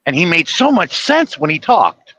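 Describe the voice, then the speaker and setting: Opinionated male podcast host from the U.S., bright forceful tone, rambling storyteller. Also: high-pitched, big pitch swings, moderate pace, dry recording, low-quality recording. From United States. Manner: opinionated, storytelling with acted quotes. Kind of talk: casual political chat.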